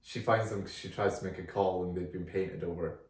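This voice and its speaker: A relaxed, chatty man with a fairly low voice talks through films as a podcast co-host. He sits back from the mic in an echoey room. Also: a little fast. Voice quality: relaxed, chatty with frequent fillers. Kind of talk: casual film review chat. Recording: roomy, distant from the mic.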